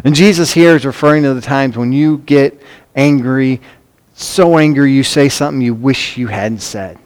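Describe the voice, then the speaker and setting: A man's voice: mid-range voice, normal speed, a little mellow. A man preaching a sermon, emphatic and earnest, often repeating words as he drives points home. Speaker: pastor.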